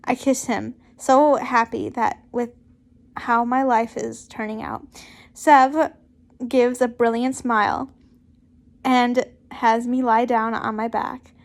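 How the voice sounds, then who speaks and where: Woman host, high voice, unhurried reading of fan fiction with chatty comments in between. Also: steady tone, creaky. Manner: breaks off into chatty, giggly asides between read lines. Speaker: fanfiction reader and channel host.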